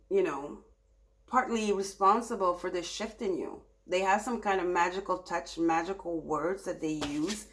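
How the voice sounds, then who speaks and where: A woman's voice: lowish voice, fairly bright tone, a little hiss or hum. Woman giving a soothing tarot reading. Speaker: tarot reader.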